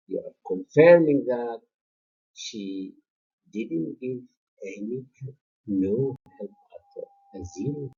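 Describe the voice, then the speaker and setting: A male university lecturer with a Sudanese accent, Arabic-speaking by birth, explaining grammar in a recorded lecture, slow and halting with many fillers and repeated points. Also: medium pitch, mellow, breathy edge, dull audio.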